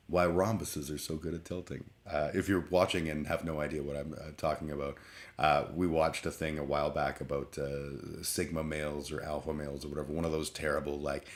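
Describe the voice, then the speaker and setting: A man's voice: rumbling low, fairly even intonation, fairly quick. A man hosting a casual livestream, rambling and joking with plenty of swearing. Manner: rambling, profane, jokey. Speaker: livestream host.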